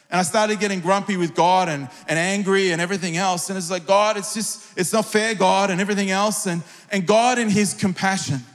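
Middle-aged male pastor, high-pitched, earnest and fervent sermon delivery, recorded with long hall reverb. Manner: earnest, personal storytelling, rising to fervent prayer. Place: large church hall.

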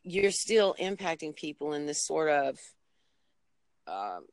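A woman with a lowish voice and big pitch swings appears as a guest on a podcast via a remote call, in a casual interview conversation. She is reflective and halting and often restarts her sentences, and the audio is dry and close with no room sound.

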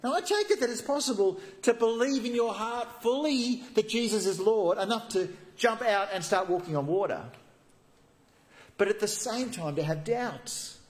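A man preaching a sermon, animated and acting out the voices of the people in the passage he reads. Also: high voice, normal speed. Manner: animated, acts out quoted voices.

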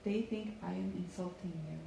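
A woman teaching a conversation class, explaining in lively bursts and acting out listener reactions, in an echoey room. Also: mid-range voice, moderate pace, gravelly. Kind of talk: classroom coaching. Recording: echoey room with faint background noise.

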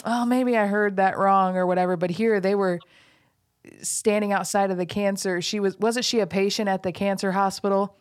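A woman hosting a casual faith chat, animated and affirming as she talks with her guest. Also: medium pitch, normal speed.

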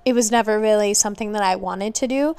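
A woman's voice: mid-range voice, fast, a little mellow, clean tone. A woman in her thirties, a podcast co-host, chatting casually and hesitantly, trailing off and searching for words. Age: 30s. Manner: hesitant, trails off, many fillers. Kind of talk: casual chat.

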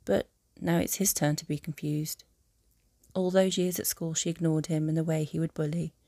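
A woman narrating a fan audiobook in a calm, even storytelling manner. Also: low voice, moderate pace, vocal fry, dry recording, studio quality.

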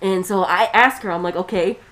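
A woman's voice: medium pitch, brisk, a bit bright. A young woman co-hosting a podcast, telling a story in casual chat with a blunt, profane, ranting manner. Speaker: podcast co-host.

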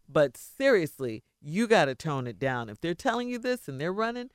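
A woman's voice: low voice, very animated, moderate pace, smooth, no echo, studio quality. A woman hosting a morning radio comedy show, reading a listener letter and laughing often with her co-hosts.

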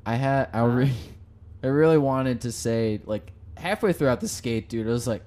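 A man co-hosting a relaxed podcast, talking in loose, rambling jokes full of swearing. His voice has an everyday middle pitch. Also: moderate pace. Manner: joking, profane, rambling. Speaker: podcast co-host. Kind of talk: casual chat.

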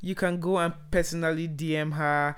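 A woman's voice: deep voice, steady tone, moderate pace, smooth. A woman hosting a podcast in casual chat, blunt and teasing, swearing freely. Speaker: podcast host.

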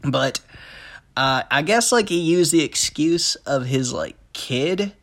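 Young Midwestern male podcaster, unhurried, profane, self-deprecating. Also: fairly high pitch, animated, a bit bright. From American Midwest. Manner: rambling, self-deprecating, profane, with frequent laughs and fillers. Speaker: podcast host. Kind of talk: casual solo podcast monologue.

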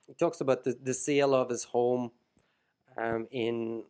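An Irish man hosting a casual podcast, talking in an animated way and reading passages aloud with emphasis. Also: medium pitch, moderate pace. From Ireland. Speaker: podcast host.

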